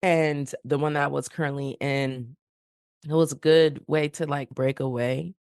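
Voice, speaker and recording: A woman's voice: low-pitched, measured pace, smooth, dry recording, studio quality. A woman from New York, a podcast guest, telling her story casually and acting out the dialogue. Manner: animated, acts out quoted dialogue.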